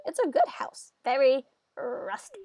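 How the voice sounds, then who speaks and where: A woman voicing an older man who is mayor of a farm town, in a gruff put-on voice. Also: sits high, sing-song, measured pace, warm tone, slight background noise, exaggerated voice.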